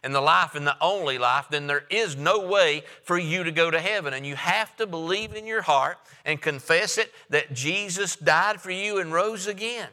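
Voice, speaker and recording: Emphatic preaching man with a bright voice. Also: a little high, normal speed, few pauses, big-room sound. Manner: emphatic, repetitive preaching with frequent "uh" fillers. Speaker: pastor. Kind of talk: sermon.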